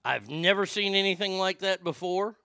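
Male streamer, crude comic rant, high gravelly voice, dry close sound. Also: moderate pace, pushed and bright, no echo. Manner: incredulous, profane, stammering restarts. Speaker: live stream host. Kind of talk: crude comedic rant to chat.

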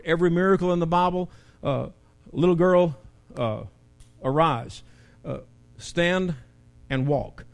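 A man with a high voice preaches a sermon, lively and emphatic, his delivery swinging from loud to quiet. He speaks as a pastor to his congregation. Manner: animated, acts out quotes, rising and falling emphasis. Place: church.

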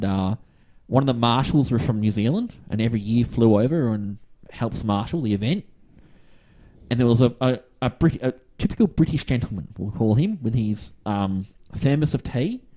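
An Australian man from Western Australia, co-hosting a podcast and telling long, rambling anecdotes in a casual chat. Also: fairly low pitch. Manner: rambling, animated anecdotes with acted-out quotes. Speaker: podcast co-host.

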